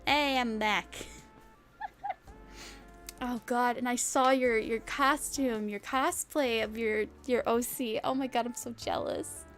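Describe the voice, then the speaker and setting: Young woman, bubbly, rambling chat, lots of giggles, slightly high pitch, soft background music. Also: fairly even intonation, slow pace, long pauses. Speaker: vtuber streamer. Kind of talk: casual chat with chat readers.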